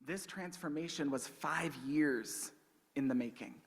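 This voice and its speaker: A man's voice: fairly high pitch, measured pace. Young man preaching in a reverberant sanctuary. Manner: conversational, personal storytelling with light humor. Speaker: minister. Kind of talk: storytelling sermon. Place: church sanctuary.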